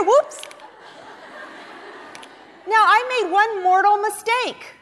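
Woman speaker, high voice, humorous testimony sermon, self-mocking storyteller, big hall reverb. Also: fairly bright tone. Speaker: speaker at a Christian women's gathering. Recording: long reverb of a large hall.

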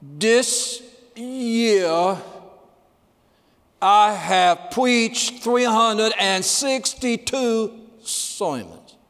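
A man voicing an elderly preacher who speaks in slow, halting, drawn-out words. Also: lively intonation, fairly bright tone, smooth, big-room sound, heavily acted. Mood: earnest. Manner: drawn-out, strained, high-pitched words.

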